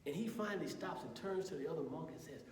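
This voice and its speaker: A man leading a group session, teaching through anecdotes as an animated storyteller with a laugh in his voice. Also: on the high side, fast talker, a little hiss or hum. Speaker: co-presenter of a couples session. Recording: roomy hall from a distance.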